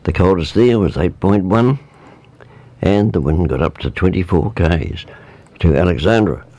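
A man with a New Zealand accent reading the local weather report on radio, relaxed and informal, with fillers. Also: low-pitched, unhurried, dry recording.

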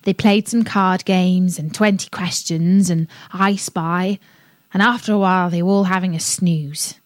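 Slow, gentle storytelling woman. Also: lowish voice, no room sound. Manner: gentle, expressive. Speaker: storyteller on a children's radio show. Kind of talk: children's story reading.

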